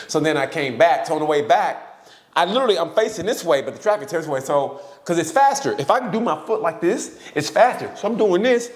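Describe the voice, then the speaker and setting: A man co-hosting a podcast, telling stories in a casual chat, swearing often and breaking into laughter. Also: mid-range voice. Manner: profane, laughing, animated storyteller. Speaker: podcast co-host. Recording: roomy echo.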